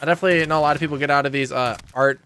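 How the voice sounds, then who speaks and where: A man hosting a podcast, eagerly asking his guest questions and making quick callouts while they play a game. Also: on the high side, fairly even intonation, bright, forceful tone, clean tone. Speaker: podcast host. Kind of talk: casual podcast chat while gaming.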